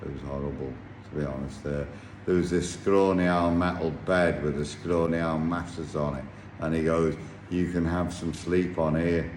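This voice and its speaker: Man, very low voice, halting anecdote, roomy echo, faint hiss. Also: fairly even intonation, darkish tone. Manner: rambling, halting storyteller with many restarts. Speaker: yacht captain telling a story. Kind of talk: casual anecdote. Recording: echoey room with faint noise.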